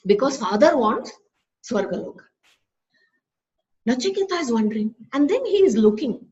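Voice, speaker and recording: A woman with an Indian English accent teaches scripture in an easy, conversational way, checking in with listeners through little tag questions. Her voice sits fairly high, and the recording sounds dull and lo-fi. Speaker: spiritual teacher. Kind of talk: Vedanta scripture talk.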